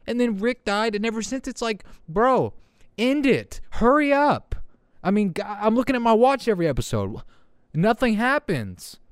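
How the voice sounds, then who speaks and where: Young male podcast host: cussing, animated ranter with a smooth, dry close voice. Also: sits high, brisk, dry recording. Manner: profane, animated ranting. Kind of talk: casual podcast rant.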